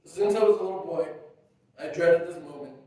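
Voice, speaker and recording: A man giving a heartfelt eulogy for his father at a funeral, speaking in a halting, emotional way with touches of warm humor. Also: on the high side. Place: funeral gathering. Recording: very echoey, far from the mic.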